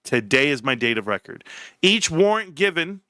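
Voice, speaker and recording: Excitable man with a bright, dry voice. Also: fairly high pitch, moderate pace, no echo. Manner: excitable and animated, swearing often. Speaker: livestream host. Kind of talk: casual livestream chat.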